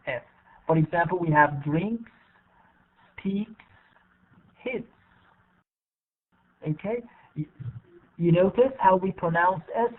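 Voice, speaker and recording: A man teaching English in an online class, speaking haltingly with many fillers and repeated words. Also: a little high. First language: Arabic. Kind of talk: bilingual online lesson. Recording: tinny phone-like online call audio.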